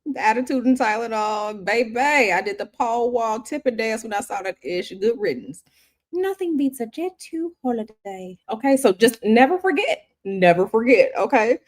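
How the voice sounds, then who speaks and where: A woman's voice: fairly high pitch, expressive, normal speed. Chatty woman livestreaming tarot. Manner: chatty, repeats herself, talks straight to viewers. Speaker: tarot reader and livestream host. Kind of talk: casual livestream chat. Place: hotel room.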